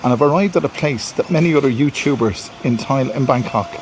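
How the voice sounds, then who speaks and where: Out on a city street and then in his car, a man vlogs into a handheld camera, rambling, repeating himself and sounding pleased with himself. His voice is medium-pitched and fairly quick, with background noise behind it in this walking vlog monologue.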